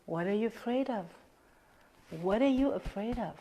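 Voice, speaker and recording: A woman life coach in a live session, earnestly guiding listeners through a tapping exercise and repeating affirmations and questions, often dropping to a soft hush. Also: a little high, animated, moderate pace, a little hiss or hum.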